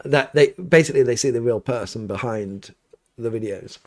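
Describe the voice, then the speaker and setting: A man's voice: mid-range voice, normal speed. A middle-aged man, a priest hosting a live question-and-answer stream from his home studio, talks casually and rambles with many restarts and fillers.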